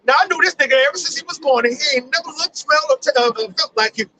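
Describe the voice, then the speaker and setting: A man's voice: very high voice, racing, a crowd in the background, rough recording. A man voicing the old blind father Isaac in crude, profane street slang, rattled and indignant at being fooled. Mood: blunt.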